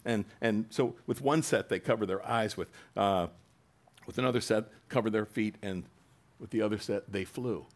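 A man preaching a sermon, reading scripture aloud with bursts of loud emphasis and casual asides to the congregation. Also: on the low side, moderate pace. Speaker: pastor.

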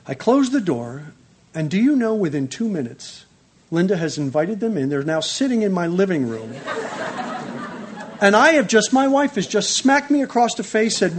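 High-voiced man telling a lively testimony. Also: moderate pace. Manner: lively, acts out quotes, laughs often. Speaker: speaker sharing a testimony. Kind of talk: animated storytelling testimony.

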